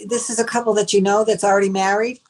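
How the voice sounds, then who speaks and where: A woman's voice: medium pitch, flat delivery, fast talker, low-quality recording. A woman guest, a mental health professional, giving advice in an interview, hesitant with many ums and restarts.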